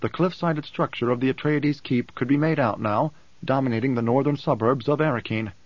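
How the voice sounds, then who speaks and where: A man's voice: medium pitch, a little fast, dry recording. Man narrating an audiobook, dry sound. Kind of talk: scripted narration. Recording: dull dry close recording.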